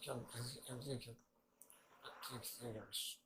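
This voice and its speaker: A man hosting an anime reaction video, talking in a rambling, halting way and swearing often. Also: mid-range voice, steady tone, noisy background. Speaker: anime reaction channel host. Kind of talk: casual reaction commentary.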